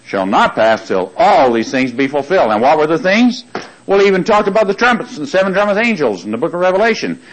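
A man's voice: on the high side, sing-song, brisk, a little hiss or hum, low-quality recording. A man preaching a sermon who reads scripture aloud, quizzes his congregation and repeats lines for emphasis. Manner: reads scripture aloud in King James wording.

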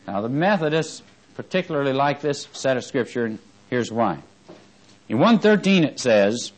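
A man's voice: expressive, moderate pace, poor audio. Male preacher in the pulpit, fervent, call-and-response questioning. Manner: swings from fervent rising emphasis to low quiet asides, asks the congregation questions. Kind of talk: sermon.

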